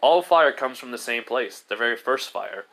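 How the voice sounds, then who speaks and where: A man doing a laid-back young hero in a made-up fan story. He talks in a middle-pitched voice, unhurried, stopping and restarting with plenty of ums. The lines come in loose, casual bursts, like a story being made up on the spot. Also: expressive, vocal fry, sharp tone. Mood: calm. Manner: rambling, hesitant, many fillers. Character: young male hero, calm and easygoing.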